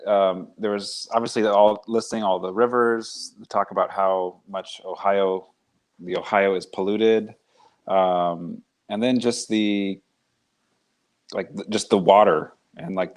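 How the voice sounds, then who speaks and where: A man co-hosting a podcast, chatting casually about a book in a wry, half-joking, rambling way. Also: low voice.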